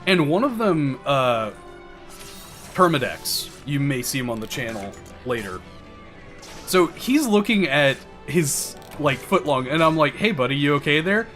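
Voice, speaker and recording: A man with a medium-pitched, fairly bright voice speaks in an unhurried, sing-song way. He's streaming a game with game music playing, chatting casually with viewers, explaining tactics, and swearing occasionally.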